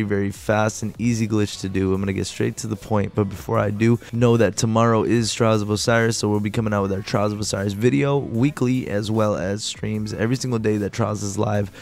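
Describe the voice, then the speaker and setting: Sick-sounding gravelly gaming vlogger man. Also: fairly low pitch, steady tone, brisk, hardly any pauses, a little mellow. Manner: upbeat, addresses viewers directly. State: sick, rough voice. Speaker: gaming channel host. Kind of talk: casual gaming tutorial talk.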